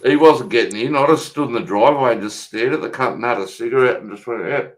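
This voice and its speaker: A man's voice: medium pitch, fast. Blunt, foul-mouthed Australian man. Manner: blunt, swears freely, retells calls in a mocking voice. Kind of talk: casual profane storytelling.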